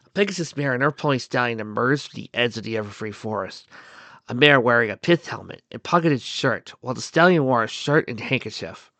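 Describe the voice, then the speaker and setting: A man narrates a story at an even pace, with a bright, crisp tone. His voice is recorded dry and close, with no room sound. He slips now and then and goes back over a word. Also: mid-range voice, no room sound. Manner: steady narration with small slips and restarts. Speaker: story reader. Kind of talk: reading fan fiction aloud.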